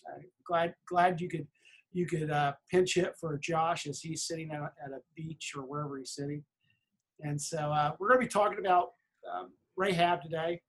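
A man hosting a church podcast, introducing guests in a halting way with many fillers. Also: fairly high pitch, fairly even intonation, low-quality recording. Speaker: podcast host. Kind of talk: casual podcast chat.

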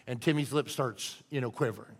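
Middle-aged pastor telling stories in a reverberant hall. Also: male voice, medium pitch, fairly quick, husky. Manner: conversational, animated storytelling that turns hushed and earnest. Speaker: lead pastor. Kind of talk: storytelling sermon.

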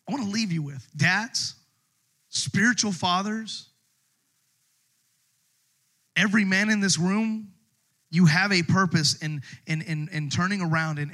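Animated, bright-voiced male preacher. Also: a little high. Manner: animated storytelling with acted voices. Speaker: pastor. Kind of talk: sermon. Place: church service.

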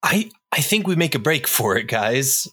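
A man's voice: medium pitch, very animated, moderate pace, a bit bright, slightly rough. A man playing a tabletop game, thinking aloud in casual chat. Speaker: player.

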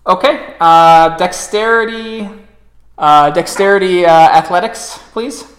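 A man acting as storyteller for a tabletop role-playing game, calling out dice rolls with relaxed "uh" pauses. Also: high-pitched, echoey room.

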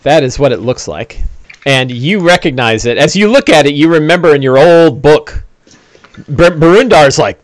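A man narrating a tabletop game as game master, animated and full of fillers. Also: fairly high pitch, moderate pace, no room sound.

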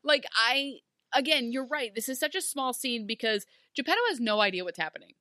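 A woman's voice: fairly high pitch, a little fast, pushed and bright, dry recording, studio quality. A woman casually recapping a TV episode, animatedly acting out the characters' lines and gushing over an emotional scene. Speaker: podcast co-host.

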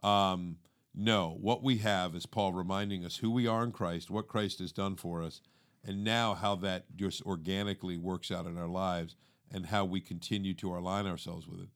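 A man co-hosting a faith podcast, explaining scripture in a casual, animated way and acting out everyday inner thoughts. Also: deep voice, normal speed. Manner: animated, acts out inner monologue; calls listener "dude". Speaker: podcast co-host. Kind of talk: conversational teaching.

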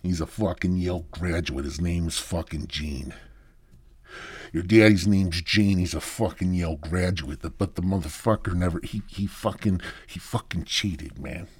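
A man hosting a podcast, riffing through a meandering, profane comedic monologue with lots of halting restarts, close to the microphone. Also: deep voice, a little mellow, breathy edge, no echo. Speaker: podcast host.

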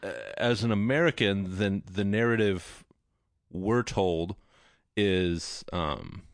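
A man with a Texan accent hosting a casual interview, relaxed and hesitant, with many fillers. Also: on the low side, takes it slowly, no echo, studio quality. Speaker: podcast host interviewer.

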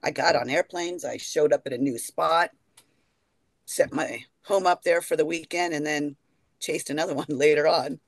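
A woman's voice: low voice, normal speed, dry recording. An American woman guest in a casual podcast chat, playful and frank, laughing easily. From United States.

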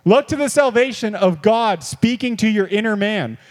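High-voiced excitable male pastor in a hall. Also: moderate pace. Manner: animated, repetitive, swings between soft and excited. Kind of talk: sermon. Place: church hall. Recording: long reverb of a church hall.

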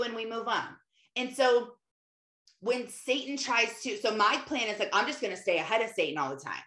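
Brief: animated woman, casual faith talk, lively delivery, roomy echoey room. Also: on the high side, measured pace. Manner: animated, often acts out quotes, many fillers. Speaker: mother and Christian speaker. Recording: roomy echo.

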